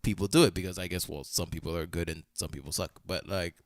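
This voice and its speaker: A young man co-hosting a podcast in casual chat, telling a story with lively energy, acting out quoted lines, and laughing often. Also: low-pitched, fast talker, no echo, studio quality. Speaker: podcast co-host.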